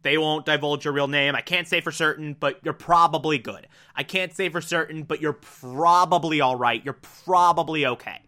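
A man voicing a detached young male detective who speaks low and hushed. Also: fairly even intonation, moderate pace, hardly any pauses.

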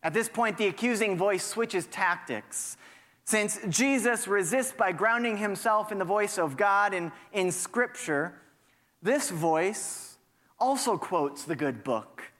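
A male pastor delivers a reflective sermon at an unhurried pace, and his voice sits on the high side. He poses rhetorical questions to his listeners. A long reverb carries his words through the sanctuary. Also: expressive, fairly bright tone.

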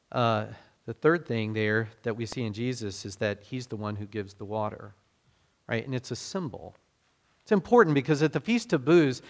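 A male pastor preaching in a loose, talky style, stopping to restart his thoughts and filling pauses with ums. His voice sits at a middling pitch. He explains scripture like he is chatting with his congregation. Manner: conversational, self-deprecating, many fillers and restarts. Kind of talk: sermon.

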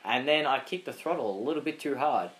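A man's voice: mid-range voice, lively intonation, a little fast. A young Australian man co-hosting a podcast, telling rambling stories in casual chat and acting out other people's voices. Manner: rambling storyteller, acts out voices. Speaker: podcast co-host.

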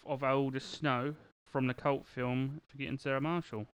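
A man's voice: mid-range voice, level tone, moderate pace, smooth, no echo. A man co-hosting a casual podcast chat, teasing his co-host with dry jokes.

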